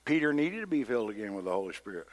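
Racing along in a lowish voice with big swings in pitch, a pastor preaches to his church conversationally, performing the quotes of the people in his story. The recording has a long hall reverb.

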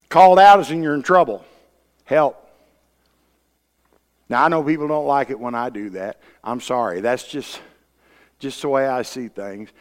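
A man preaching a sermon full of personal stories, blunt and folksy, rising to loud emphasis. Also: medium pitch, smooth. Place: church sanctuary. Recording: long hall reverb.

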